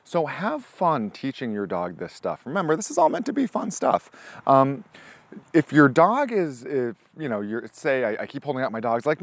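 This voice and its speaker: A man explaining dog disc training in a relaxed, upbeat way. His voice sits at a middle pitch and moves around a lot as he talks. He stays encouraging, breaking off to give short commands and praise. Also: moderate pace, no echo. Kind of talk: casual instructional demo.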